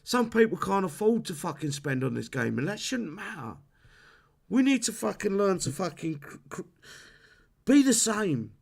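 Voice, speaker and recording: A man's voice: sits high, sing-song, normal speed, vocal fry. A man hosting a live stream, ranting heatedly about a game with lots of swearing and restarts. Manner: heated, sweary, repeats himself. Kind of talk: casual live-stream rant.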